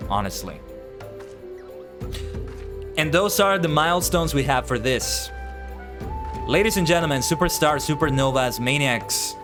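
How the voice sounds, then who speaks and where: A man streaming live, chatting casually with his viewers and reading their messages aloud as he answers them. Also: a little high. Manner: animated, reads and answers chat aloud.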